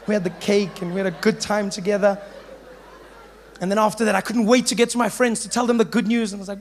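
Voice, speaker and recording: Animated South African stand-up man. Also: high voice, quick pace, slight background noise. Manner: animated, switches into character voices and shouts. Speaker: stand-up comedian. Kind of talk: stand-up storytelling with acted voices.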